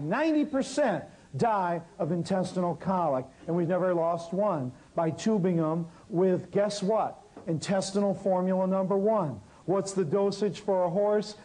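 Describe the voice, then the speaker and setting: A man telling a lively story about his work as an herbal healer, acting out the people he quotes. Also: sits high, rough recording. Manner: animated storyteller, acts out quotes. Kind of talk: storytelling talk.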